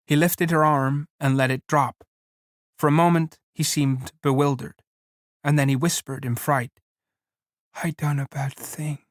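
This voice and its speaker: A man narrates a story in a measured, plain reading voice. His pitch sits in the middle range. The recording is dry, close to the mic, with no room sound. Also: dry recording. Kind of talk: audiobook reading.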